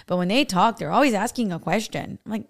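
A woman co-hosting a casual podcast, excitable and jokey as she chats. She swears easily and talks at an ordinary pitch. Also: quick pace, creaky. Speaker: podcast co-host. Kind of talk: casual chat.

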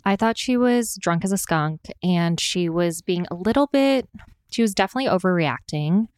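A woman co-hosting a podcast, chatting casually and hedging, sometimes drawing her words out slowly. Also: fairly low pitch, expressive, darkish tone, smooth, no room sound. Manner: hedging, drawn-out phrases. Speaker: podcast co-host. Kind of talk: casual recap chat.

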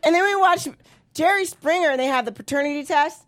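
A woman's voice: high voice, fairly quick, fairly bright tone, no room sound, studio quality. A woman in her thirties doing a profane, brash stand-up comedy set on a club stage, acting out the voices of other people. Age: 30s.

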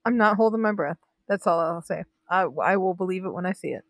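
A woman co-hosting a casual sports chat show, talking in an animated, indignant way with frequent restarts. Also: on the low side, brisk, dry recording. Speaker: podcast co-host. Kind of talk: casual chat about Olympic news.

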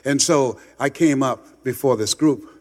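A man's voice: medium pitch, unhurried, big-room sound. Impassioned man, dramatic storytelling delivery. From United States. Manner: impassioned, dramatic swings from loud to hushed. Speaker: motivational speaker. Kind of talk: motivational storytelling.

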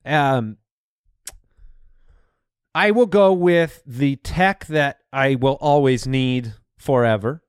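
A man co-hosting a podcast in casual chat, playful and teasing, with halting restarts. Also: mid-range voice, smooth, dry recording, studio quality. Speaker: podcast co-host.

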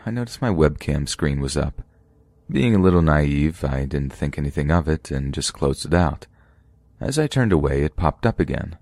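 A man narrating true scary stories for a podcast in a steady, measured way. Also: a bass voice.

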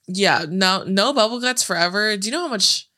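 Bright-voiced young woman, casual podcast chat. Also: mid-range voice, normal speed. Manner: animated, swears, laughs often, acts out quotes. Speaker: podcast co-host.

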